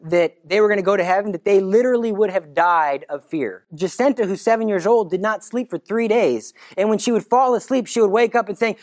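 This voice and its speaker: A teacher retelling a religious story to listeners in a lively, dramatic way. The voice swings from loud, emphatic bursts to hushed asides. The pitch sits at a middle level. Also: a little fast, few pauses, no echo.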